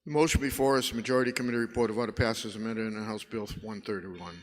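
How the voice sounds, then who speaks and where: A man presiding over a legislature, giving brisk, formulaic procedural announcements. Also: fairly low pitch, steady tone. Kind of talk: formal parliamentary procedure.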